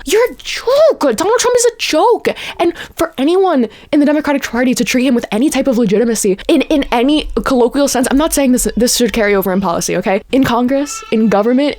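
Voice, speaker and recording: A young woman giving heated, profane political commentary, exasperated and fast to swear. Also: sits high, no room sound, clean studio sound.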